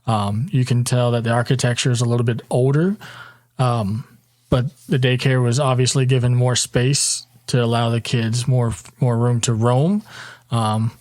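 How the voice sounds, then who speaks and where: A man runs a tabletop game as dungeon master. His narration wanders along loosely, full of ums and restarts. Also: mid-range voice. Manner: relaxed, meandering narration with many ums.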